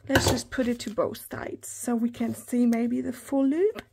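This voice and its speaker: A woman in her thirties chatting through an unboxing haul, gushing and excitable, often talking straight to her viewers. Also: fairly high pitch, measured pace, creaky, a little hiss or hum. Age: 30s. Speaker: planner hobby vlogger.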